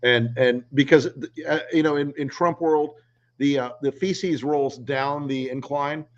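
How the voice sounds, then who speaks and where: A man's voice: mid-range voice, steady tone, a little slow, highs cut off. A man co-hosting a casual political chat, sardonic and profane. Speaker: co-host.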